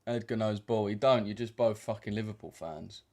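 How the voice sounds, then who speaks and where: Young guy streaming, kinda low voice, chill slangy banter, lots of "do you know what i mean". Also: moderate pace, mellow. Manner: laid-back slangy banter with frequent fillers. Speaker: trading streamer. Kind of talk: casual livestream chat.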